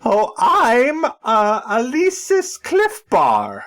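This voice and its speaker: A man voicing a bumbling British gentleman, with a clumsy fake accent that drifts toward German. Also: extremely high pitch, wildly swooping pitch, very slow, voice pushed up, full character voice. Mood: pompous.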